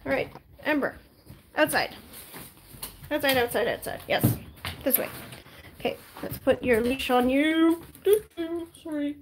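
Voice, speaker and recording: A woman hosting a casual livestream from home, talking to her puppy in a high sing-song voice as she walks her in and out of the garden. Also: a little slow, long pauses, noisy background. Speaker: livestream host. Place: at home, moving indoors and out to the garden.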